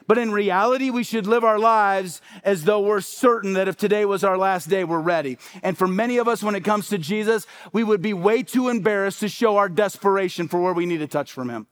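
High-voiced male pastor preaching. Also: a little fast, few pauses, smooth. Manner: conversational preaching full of rhetorical questions. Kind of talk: sermon.

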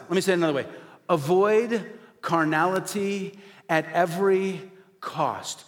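Animated preacher man in a reverberant hall. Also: high voice, measured pace. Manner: animated preaching, rhetorical questions to the audience. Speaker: pastor. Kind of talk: sermon. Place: church hall before a congregation.

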